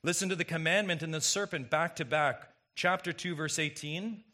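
Guy preaching a sermon, bright forceful voice, keeps asking the crowd questions. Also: on the high side, moderate pace. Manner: emphatic preaching with rhetorical questions to the congregation. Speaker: pastor.

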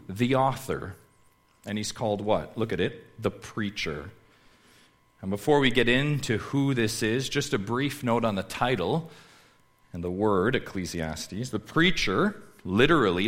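A man's voice: fairly low pitch, a bit bright. A man preaching a sermon, emphatic, repeating key words and putting questions to his congregation. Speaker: pastor.

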